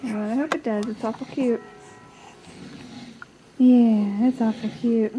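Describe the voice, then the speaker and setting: A woman filming her newborn at home on a handheld camcorder, talking to him in soft cooing baby talk. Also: fairly high pitch, steady tone, slow, music in the background, low-quality recording. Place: living room at home.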